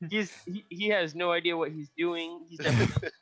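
A man's voice: fairly high pitch, a little fast, a bit bright. A man playing a tabletop game, teasing and laughing through casual banter. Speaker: player.

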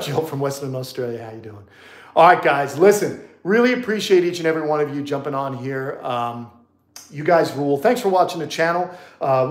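Chatty New York man with roomy echo. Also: mid-range voice. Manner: chatty, excitable, rambling asides. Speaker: host of a reptile channel. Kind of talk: casual live stream chat.

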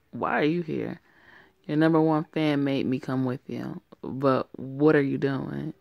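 A young woman with a low, gravelly voice who voices every part of a homemade story drama on her own. She speaks slowly and often giggles through the lines. The sound is close and dry. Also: no room sound, lo-fi sound. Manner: giggles often while reading, playful. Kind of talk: amateur story voice acting, playing all parts.

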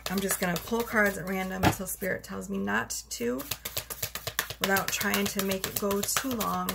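A woman tarot reader talking casually to the camera from her bedroom, chatty and quick to laugh as she pulls cards. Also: medium pitch, gravelly, heavy background noise. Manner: chatty, laughs often, talks straight to viewers. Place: bedroom at home.

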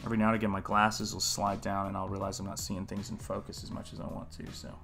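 A man's voice: sits low, monotone, quick pace, a bit bright, faint music behind. A man hosting a live painting stream, talking in a casual, earnest, musing way and greeting viewers in the chat by name.

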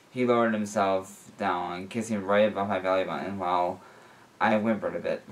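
A man reading a fan fiction story aloud in a plain, unhurried way. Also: on the low side. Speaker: reader.

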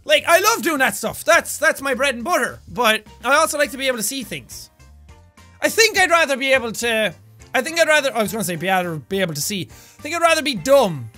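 A young man with an Irish accent, talking straight to his audience as a gaming YouTuber in an energetic, rambling way, breaking into bursts of yelling. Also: extremely high pitch, brisk, faint music behind. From Ireland. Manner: animated, loud bursts of yelling, rambling asides. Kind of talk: energetic casual commentary to camera.

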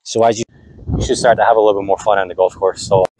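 A man's voice: on the low side, fairly even intonation, racing, loud music behind the voice. A man teaching golf on camera, joking as he stumbles over his lines and keeps restarting his takes. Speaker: golf instructor. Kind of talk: flubbed on-camera takes for a golf tip video.

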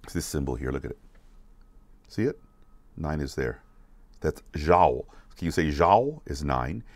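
Lively-pitched deep-voiced male teacher. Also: dry recording. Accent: American. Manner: repeats words slowly, asks questions to check along. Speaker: music teacher. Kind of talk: slow, patient lesson for kids.

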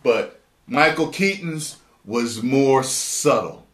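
Animated, rambling man commentator. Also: mid-range voice, slow. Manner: animated, profane, rambling, reads article aloud. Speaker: YouTube commentator. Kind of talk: excited reaction commentary. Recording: roomy echo.

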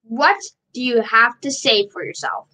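A woman's voice: a little high, a little slow, pushed and bright, poor audio. A woman streaming live, chatting casually to herself while she shares her screen and repeats her questions.

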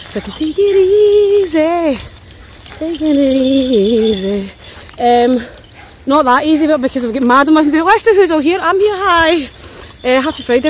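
A woman's voice: high voice, slight background noise. A Scottish woman walking her dogs and chatting to a phone, tired and sore, swearing and chattering as she goes. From Scotland. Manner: chatty, swearing, voicing her dogs' thoughts. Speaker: dog walker vlogger. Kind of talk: casual walking vlog. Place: outdoors in woods on a walk.

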